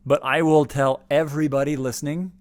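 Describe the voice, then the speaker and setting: A man's voice: on the high side, little pitch movement, a little fast, dry recording. A man co-hosting a finance podcast on a new microphone, talking candidly and wryly, often restarting his sentences. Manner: candid, wry, with frequent restarts. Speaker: podcast co-host, financial advisor. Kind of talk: casual finance chat.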